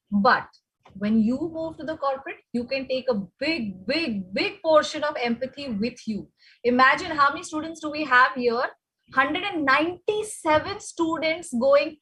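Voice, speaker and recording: Female lecturer, Indian English accent, higher pitch, conversational classroom delivery. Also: pushed and bright, slightly rough, rough recording. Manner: conversational, asks the audience, frequent "okay?".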